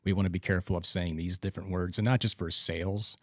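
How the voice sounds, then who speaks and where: A man's voice: sits low, steady tone, quick pace, dry recording, studio quality. A man hosting a casual podcast chat, rambling with restarts and acting out remembered exchanges. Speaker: podcast host and trainer instructor.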